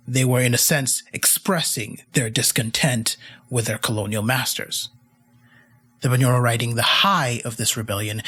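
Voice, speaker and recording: A man's voice: mid-range voice, fairly bright tone, breathy edge. A man hosting a history podcast, telling the story in a casual, wry way with asides to the listeners. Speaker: podcast host.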